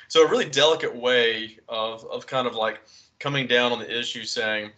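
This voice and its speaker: Man, casual discussion, bright tone, mid pitch, relaxed conversational delivery. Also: fairly quick. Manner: conversational, quotes texts aloud.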